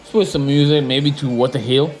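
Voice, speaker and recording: A man ranting casually to camera in slangy, profane talk, getting louder when he is indignant. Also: mid-range voice, moderate pace, faint music behind, poor audio. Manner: slangy, animated, swears freely; rising loud when indignant. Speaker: investing vlogger.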